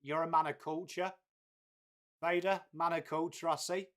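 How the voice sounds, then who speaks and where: Male streamer with a higher voice, chatty laddish banter, swears freely. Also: steady tone, moderate pace, a bit bright. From England, Whitby. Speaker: livestream host. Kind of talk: casual live watchalong chat, reading viewer messages.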